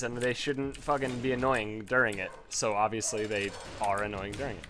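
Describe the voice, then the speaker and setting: A man rambling through casual gameplay commentary, telling a story with lots of swearing and sudden excited jumps in pitch. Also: normal speed, few pauses, soft background music.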